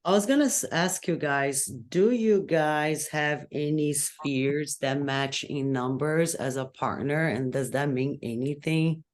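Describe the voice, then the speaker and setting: A woman's voice: low voice, takes it slowly, hardly any pauses. Curious woman thinking aloud. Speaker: group discussion member. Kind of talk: casual chat.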